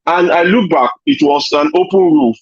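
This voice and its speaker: Husky high-voiced Nigerian man on a call. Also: normal speed, no echo, dull audio. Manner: storytelling with many "you know" fillers. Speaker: panel guest. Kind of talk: casual online panel chat. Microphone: video call.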